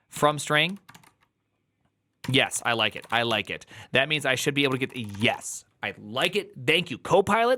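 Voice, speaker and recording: Bright-voiced, exasperated coding streamer. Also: male voice, fairly high pitch, expressive, fairly quick. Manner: exasperated, rambling, talks to chat while coding. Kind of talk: live coding stream chat.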